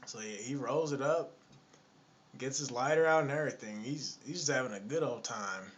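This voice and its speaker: A man's voice: medium pitch, normal speed. A man telling a casual anecdote in a chatty, exasperated way, often repeating himself. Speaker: storyteller.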